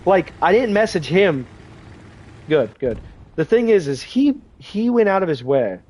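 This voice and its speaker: With faint game vehicle sounds behind him, a streamer in his twenties talks candidly and loosely, restarting often, his nose stuffed from draining sinuses. His voice is high, sing-song and a little mellow, at a measured pace.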